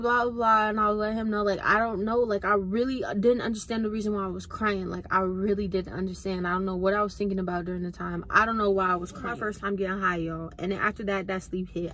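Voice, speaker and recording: A woman's voice: medium pitch, steady tone, fast talker, hardly any pauses, fairly bright tone. A young woman casually telling a storytime to her viewers, chatty and full of slang. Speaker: vlogger.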